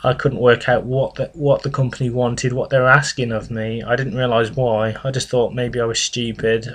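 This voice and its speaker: A young man, telling his own experiences in a vlog in an earnest, halting way, full of "you know" and "sort of". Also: medium pitch, flat delivery, a bit bright. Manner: earnest and reflective. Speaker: vlogger. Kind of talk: personal confessional vlog.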